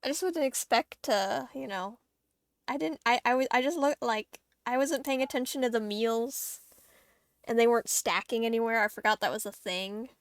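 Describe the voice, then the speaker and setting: A woman's voice: fairly high pitch, moderate pace, no room sound, studio quality. A woman streaming a game, chatting casually to her viewers, giggly and talkative as she plays. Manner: chatty, giggly, talks to herself and chat while playing. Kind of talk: casual gameplay livestream chat.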